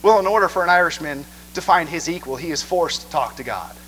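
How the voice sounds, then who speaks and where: A man's voice: fairly high pitch, lively intonation, fast talker, fairly bright tone, big-room sound, a little hiss or hum, rough recording. A preacher voicing a brash, wild Irish male rebel fighter from a movie scene.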